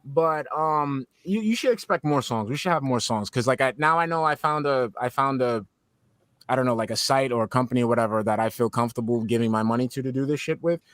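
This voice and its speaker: A man talking as a podcast guest in casual chat, animated and tripping over repeated words as he rants. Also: medium pitch, fast talker, no room sound. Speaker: podcast guest, music maker.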